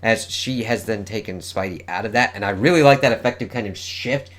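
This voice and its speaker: A man casually reviews a comic book, swearing freely and reading the dialogue aloud in different voices. His voice is fairly low and a bit bright, moving a little fast.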